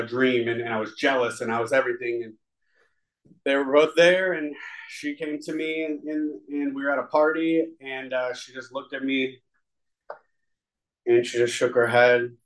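Poor audio captures a man at medium pitch as he tells his recovery story to a live audience in a room. The testimony is rambling and heartfelt, full of restarts.

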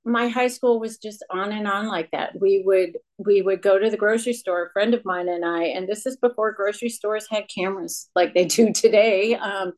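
A woman in her late fifties from upstate New York, speaking candidly and self-deprecatingly from a stage as a recovery speaker, often restarting her sentences. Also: medium pitch. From Rochester, New York, USA. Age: 50s. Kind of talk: personal testimony talk from a stage.

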